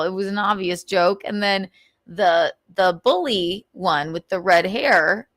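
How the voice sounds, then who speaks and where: A woman's voice: mid-range voice, takes it slowly, fairly bright tone, dry recording, studio quality. A woman hosting a casual livestream, rambling and gossiping, swearing freely as she vents. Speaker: livestream host.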